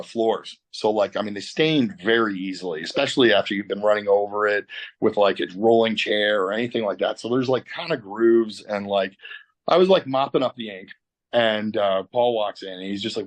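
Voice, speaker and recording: A man telling a story as an interview guest in a candid, profane way with lots of fillers. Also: lowish voice. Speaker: tattoo artist guest. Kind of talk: casual storytelling.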